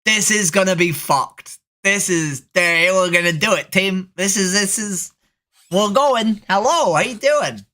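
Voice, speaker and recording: A woman's voice: medium pitch, a little slow, pushed and bright. A woman, chatting bluntly and swearing often while streaming random video chats. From Leeds, England. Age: 30s. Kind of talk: casual video-chat streaming.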